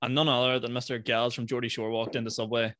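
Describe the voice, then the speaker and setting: A male podcast host who talks quickly and laughs often, with easy casual swearing. His voice sits in a middle pitch and sounds dry and close, with no room echo behind it. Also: little pitch movement, fairly bright tone. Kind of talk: casual chat.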